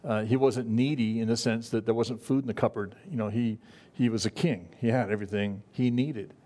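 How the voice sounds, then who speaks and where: A man giving a conversational sermon to his congregation. His delivery is folksy and halting, with frequent fillers, restarts and asides. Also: medium pitch, fairly even intonation, mellow. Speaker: pastor. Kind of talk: conversational Bible-study sermon.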